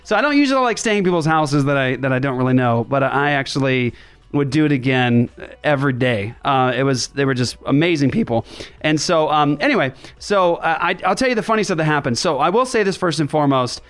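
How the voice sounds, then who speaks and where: A fairly high-voiced man talks in an animated, rambling way, hosting a casual chat show from a makeshift studio. His voice comes across smooth and clear, and he keeps stopping and restarting mid-sentence. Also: fairly quick. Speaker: podcast host. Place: makeshift studio in a writers' room.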